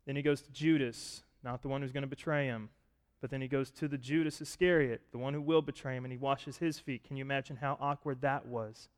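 A man preaching a sermon, retelling a story and asking listeners to picture it, rising to loud, emphatic points. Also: medium pitch, fairly even intonation, fairly quick. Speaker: pastor. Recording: long reverb of a large hall.

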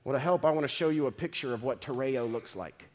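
A man preaching a sermon, reading scripture dramatically and swinging from loud, emphatic lines to hushed ones. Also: medium pitch, fast talker, slight background noise. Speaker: pastor.

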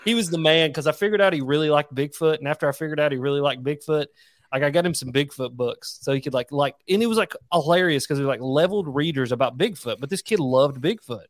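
A man, a former elementary school teacher, telling animated folksy stories in a casual podcast chat. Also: fairly high pitch, fast, dry recording, studio quality.

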